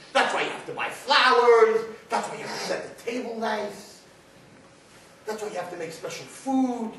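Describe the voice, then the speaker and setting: A middle-aged man lecturing as a rabbi at a live event, swinging from quiet asides to shouting as he acts out arguing voices. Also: high-pitched. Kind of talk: animated live talk. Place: large hall at a live event. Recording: distant, echoey hall recording with faint noise.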